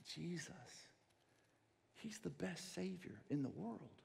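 A pastor preaching to his congregation. His voice sits a little high for a man, and he tells his stories with animation, acting out the voices of the people in them. The sound carries the long reverb of a large sanctuary. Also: takes it slowly, vocal fry. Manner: animated storytelling, acts out quoted voices. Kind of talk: sermon.

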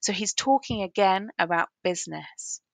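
A woman's voice: mid-range voice, expressive, normal speed, creaky, no room sound. A woman teacher explaining a stage play to students in a casual, conversational way, with rhetorical questions. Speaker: literature teacher.

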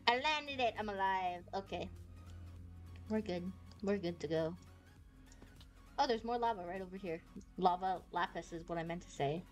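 A bubbly woman streamer chats her way through a game, rambling from thought to thought. She squeals and yelps when things go wrong. Soft music plays faintly under her voice. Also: mid-range voice, moderate pace, pauses often. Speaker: VTuber streamer. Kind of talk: casual gameplay commentary.

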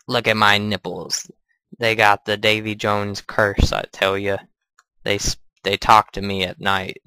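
A man's voice: on the low side, sharp tone, smooth, dry recording, full character voice. A man putting on a boastful pirate captain. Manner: silly mock pirate talk.

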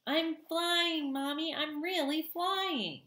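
Woman doing a squeaky excited baby gosling. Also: moderate pace, echoey room, heavily acted. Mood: elated. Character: small excited young male gosling learning to fly.

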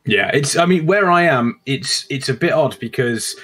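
A man with an English accent often called posh, chatting as a podcast guest in a relaxed, rambling way. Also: medium pitch, normal speed, husky. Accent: English, said to sound posh. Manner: relaxed, rambling, repeats words as he starts. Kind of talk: casual podcast chat.

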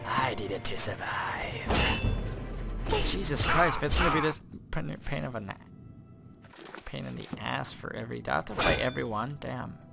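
Excitable gravelly gamer over game music. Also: male voice, mid-range voice, a little fast. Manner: excitable, swears, bursts of surprised yelps. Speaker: let's play gamer. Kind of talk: casual gameplay commentary.

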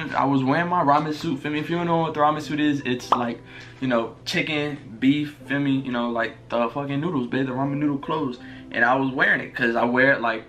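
A young man telling a fight story in an excited storytime vlog, full of slang and swearing, often jumping into high laughing squeals. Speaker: vlogger. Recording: music playing clearly behind. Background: music.

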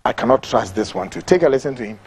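A man's voice: medium pitch, animated, quick pace, gravelly, background noise. A man with a Ghanaian accent giving impassioned political commentary, emphatic and repetitive, mixing English and Twi.

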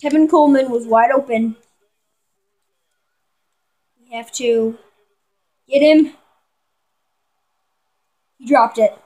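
A woman giving excitable live commentary on a football video game, talking to her viewers and yelling at big plays. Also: fairly high pitch, slow, long pauses, rough recording. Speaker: gamer.

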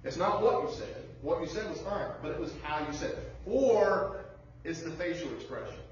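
A man's voice: on the high side, animated, normal speed, a little hiss or hum. Distant echoey pastor preaching, a man. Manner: conversational preaching, acts out dialogue. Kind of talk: sermon. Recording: very echoey hall, distant, dull lo-fi.

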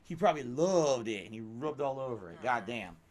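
A man hosting his own livestream in casual chat, animated and talkative, jumping from loud outbursts to low grumbles. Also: brisk. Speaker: livestream host.

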